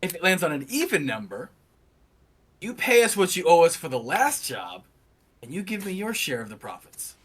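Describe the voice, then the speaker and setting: A man's voice: high voice, big pitch swings, normal speed, a bit bright, breathy edge. A man playing a tabletop game in character, haggling in a dry way. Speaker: player.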